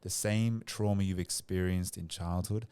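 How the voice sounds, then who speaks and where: A man with a deep, low voice talks through his work as a therapist on a podcast. He tells stories with energy, easygoing and a little sweary. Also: moderate pace, clean tone. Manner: animated storyteller, relaxed and a bit sweary. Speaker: psychotherapist guest. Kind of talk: casual podcast conversation.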